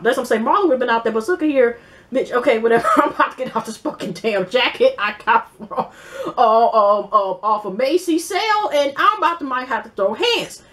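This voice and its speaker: A woman's voice: on the high side, expressive, fairly quick, fairly bright tone. A woman reviewing a reality show in a casual vlog, rambling bluntly with profanity and many fillers.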